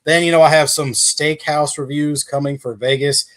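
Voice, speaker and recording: A man's voice: a little high, fairly even intonation, moderate pace, fairly bright tone. A man who is a guest on a livestream, chatting casually and enthusiastically with lots of fillers. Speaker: guest creator.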